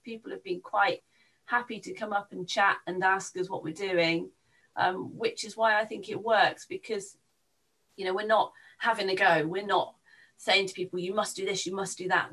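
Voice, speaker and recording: Woman nature-group organiser, mid pitch, upbeat and earnest, restarts a lot. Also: steady tone, moderate pace, vocal fry, fairly bright tone, breathy edge, poor audio. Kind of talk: casual explanation on a webinar.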